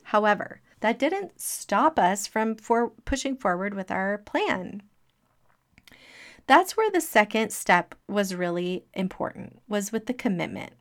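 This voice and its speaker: Animated middle-aged woman telling a story. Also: mid-range voice, measured pace. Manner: animated, acting out quoted speech, laughing between lines. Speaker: motivational speaker sharing a personal story. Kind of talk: motivational storytelling.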